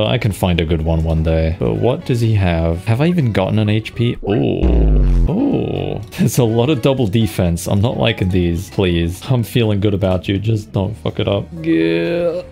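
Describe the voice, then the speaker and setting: A man's voice: fairly low pitch, very animated, moderate pace, vocal fry, hardly any pauses, dark tone, soft background music. A young man giving casual, swear-laden gameplay commentary with playful sound effects. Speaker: gaming streamer.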